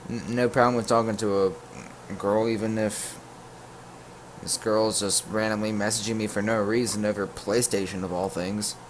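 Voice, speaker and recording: A man casually telling a storytime tale to his viewers, full of jokey asides and quick self-corrections. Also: on the low side, little pitch movement, a little hiss or hum. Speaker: YouTube storyteller.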